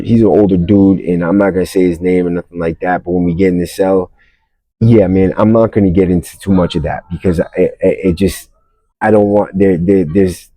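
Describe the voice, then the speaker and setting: A man's voice: deep voice, fairly even intonation, brisk, mellow, no room sound, rough recording. A man hosting a podcast, telling a story casually in blunt street slang and calling the listener bro. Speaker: podcast host.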